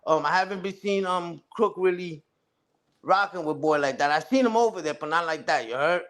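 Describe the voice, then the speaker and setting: A young man with a fairly high voice talks on a livestream. His delivery is a loose, profane rant full of jabs at other streamers. He keeps circling back to the same tags, like "you heard?" and "respectfully". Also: normal speed, a bit bright. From Puerto Rican family on mother's side. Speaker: live streamer. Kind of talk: casual ranting livestream talk.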